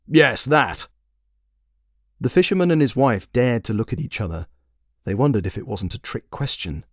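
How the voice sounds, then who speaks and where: A man's voice: medium pitch, sing-song, a little fast, darkish tone, no echo, studio quality. A man narrating a fairy tale he wrote, in a wry, playful storytelling manner. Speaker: storyteller and author.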